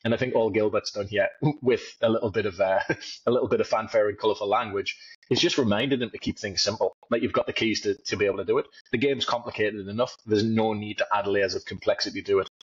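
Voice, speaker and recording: A man co-hosts a podcast with a low, husky voice, speaking in a reflective, casual way. The sound is dull and lo-fi. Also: steady tone, quick pace. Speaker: podcast co-host. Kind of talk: casual chat.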